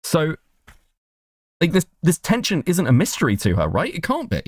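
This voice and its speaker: A man talks on a call, pitch bouncing a lot as he thinks aloud. The sound is dry and close. He mutters to himself while he looks things up. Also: huge pitch swings, moderate pace, dry recording. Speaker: streamer going over messages on a call. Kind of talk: casual discussion.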